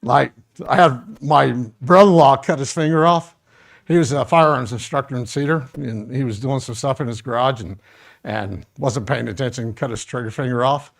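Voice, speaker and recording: A middle-aged man teaches a first aid class to a live audience, keeping it casual and joking as he speaks directly to the people in the room. His mid-range voice is creaky and moves at normal speed.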